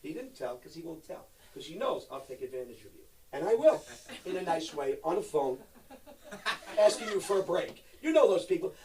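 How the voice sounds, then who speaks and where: A middle-aged actor, appearing as a guest on a joking live stream, rambles in a voice slightly higher than most men's. He's very animated at a moderate pace, lurching from mumbled asides to loud, profane bursts, and sounds a bit far from the mic.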